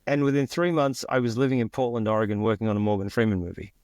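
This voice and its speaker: An Australian man in his forties telling stories from his career in a lively, chatty way, acting out the people he quotes. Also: on the low side, fast, dry recording, clean studio sound. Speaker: guest. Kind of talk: casual storytelling interview.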